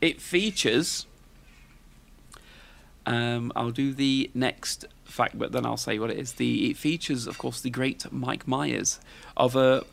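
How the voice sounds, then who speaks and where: Gravelly man, chatty podcast host. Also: mid-range voice, takes it slowly, a bit bright. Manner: rambling, chatty, lots of fillers and tag questions. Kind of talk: casual chat.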